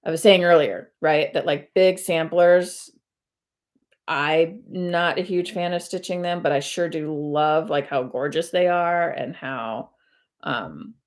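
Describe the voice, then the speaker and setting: Speaking slowly in a low-pitched voice, a woman who hosts a cross-stitch video channel stitches at home during a live stream. She chats casually and rambles, full of fillers and self-corrections.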